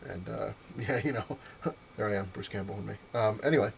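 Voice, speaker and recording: A man's voice: on the low side, a little fast, creaky, background noise. A man hosting a casual vlog, rambling through a funny story and laughing at his own jokes. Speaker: vlog host.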